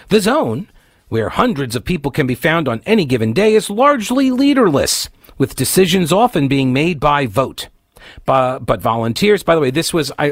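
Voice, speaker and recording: Male talk radio host, sarcastic opinion monologue, fairly high and very animated voice, dry close sound. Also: no echo. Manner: sarcastic, mocking asides.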